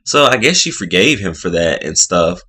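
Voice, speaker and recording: Low-voiced man rambling through a recap. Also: big pitch swings, normal speed, bright, forceful tone, slightly rough. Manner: rambling, full of "like" and "you know". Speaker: reality show reviewer. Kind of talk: casual vlog recap.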